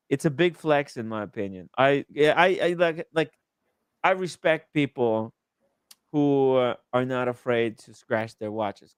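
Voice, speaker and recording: A man's voice: medium pitch, clean tone, dry recording, studio quality. A man hosting a casual live stream, joking and reading out viewer comments. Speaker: livestream host.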